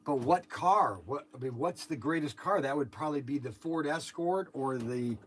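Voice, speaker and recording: A man hosting his channel from a workshop, chatting and telling stories excitedly with lots of exclamations and restarts. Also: medium pitch, normal speed. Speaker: channel host. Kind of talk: casual chat in the shop, partly on the phone.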